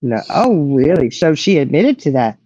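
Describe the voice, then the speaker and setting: A woman's voice: low-pitched, very animated, moderate pace, mellow, husky, no room sound, muffled recording. A woman hosting a casual livestream chat, teasing her co-host and laughing often. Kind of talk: casual chat reading viewer comments.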